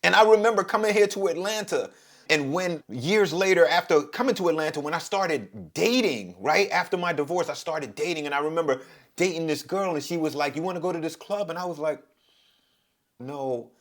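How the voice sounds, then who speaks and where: A middle-aged man from Brooklyn with a New York accent, talking in a reflective, passionate monologue and getting louder as he drives his point home. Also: expressive, a little fast. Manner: passionate, rises in pitch and loudness when making a point. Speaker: podcast host.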